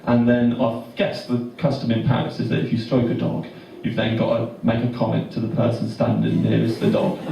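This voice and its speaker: A young Englishman tells a meandering stand-up story, stopping and restarting with awkward, deadpan asides. His voice sits at an ordinary middle pitch. He is heard from across a very echoey live room, with noise running underneath. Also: gravelly, recorded from a distance. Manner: rambling, self-interrupting, awkward deadpan. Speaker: stand-up comedian. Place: comedy club stage with audience laughing.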